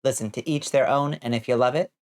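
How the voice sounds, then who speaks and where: A woman's voice: rumbling low, fast, darkish tone. A young adult woman streaming a game, chatting casually and reacting to chat in a wry, blunt way with some swearing. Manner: wry and blunt, reading chat aloud and riffing with frequent swearing.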